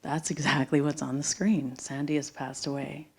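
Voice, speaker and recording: Low-voiced woman telling a story on stage. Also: flat delivery, moderate pace, husky. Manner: dramatic, swings from loud bursts to hushed whispers. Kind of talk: live personal storytelling on stage. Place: theater stage before an audience.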